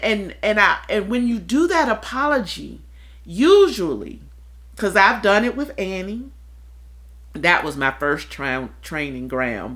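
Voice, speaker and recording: A woman in a relaxed discussion, talking candidly and earnestly about her own experiences and acting out the people she quotes. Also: a little high. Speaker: discussion panelist. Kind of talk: reflective conversational talk.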